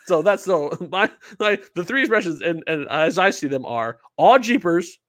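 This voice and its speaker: Animated high-voiced man, dry sound. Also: moderate pace, dry recording. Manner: animated, acts out characters' expressions with mock voices. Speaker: podcast co-host. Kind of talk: casual chat reviewing a film.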